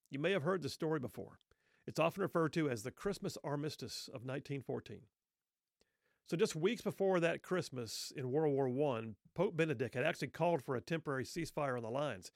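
A man's voice: mid-range voice, creaky, no echo, studio quality. A man telling a historical story in an earnest, reflective way, with rhetorical questions.

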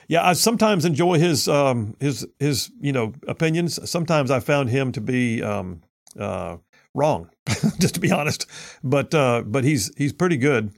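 A man's voice: medium pitch, expressive, normal speed, gravelly. A man hosting a conservative talk radio show, reading listener messages aloud and giving blunt, opinionated commentary with frequent restarts.

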